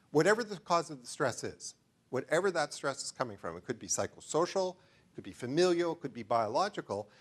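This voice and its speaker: A man's voice: medium pitch, fairly bright tone. Enthusiastic man lecturing a live audience. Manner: enthusiastic, digressive, asks the audience questions. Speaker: researcher giving a talk.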